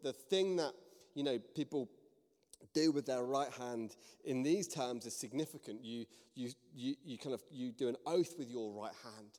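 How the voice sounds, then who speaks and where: A man, a priest preaching a sermon, telling stories in an earnest, animated way. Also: mid-range voice. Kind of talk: sermon with storytelling. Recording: long reverb of a large hall.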